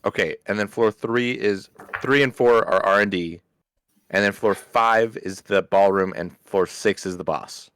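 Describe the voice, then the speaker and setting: Low-voiced man, rambling game player. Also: unhurried, fairly bright tone, smooth, no room sound. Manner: rambling, full of "like". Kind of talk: tabletop game banter.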